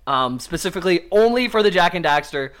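A man's voice: sits high, expressive, brisk, fairly bright tone, clear, resonant tone. A man co-hosting a casual gaming podcast, laughing often and sharing fun facts. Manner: laughs often, shares trivia. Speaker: podcast co-host. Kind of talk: casual chat.

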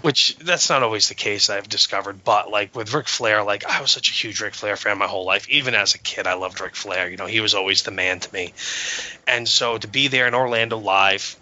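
A man's voice: lowish voice, a little fast, sharp tone. A man in casual podcast chat, telling an enthusiastic story with many fillers and restarts. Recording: dull lo-fi sound.

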